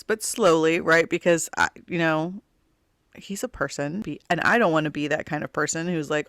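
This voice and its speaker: A middle-aged woman hosting a podcast, telling a long personal story in a loose, rambling way that is full of "like". Her voice is smooth and clear, recorded dry and close. Under the chatter there is a wistful, grieving edge. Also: low voice, no echo. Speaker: podcast host.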